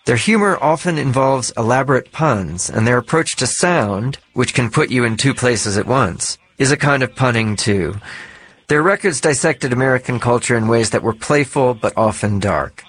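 A man narrating a documentary in a measured, explanatory way. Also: medium pitch, a bit bright.

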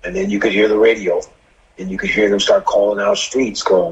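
A man's voice: fairly low pitch, fairly even intonation, a little fast. An older man, a longtime firefighter, recounting events in an interview with vivid, emphatic storytelling. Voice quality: gravelly, husky. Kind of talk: interview recollection. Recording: dull lo-fi sound.

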